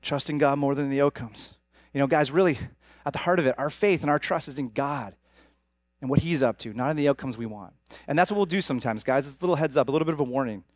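Fast-talking young male pastor. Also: medium pitch, dry recording, clean studio sound. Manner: conversational, direct, addresses audience as guys. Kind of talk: sermon.

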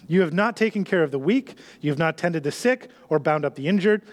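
A man preaching a sermon in an earnest way, often dropping to a soft hush on key lines. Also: a little high, expressive, brisk, hardly any pauses. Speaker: pastor.

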